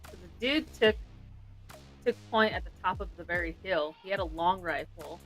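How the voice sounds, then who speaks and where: A pregnant woman chatting on a livestream with a somewhat low voice for a woman. She talks casually, hiccuping, and fills her sentences with like. Faint music plays in the background. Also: moderate pace, fairly bright tone. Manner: casual, with filler words like like.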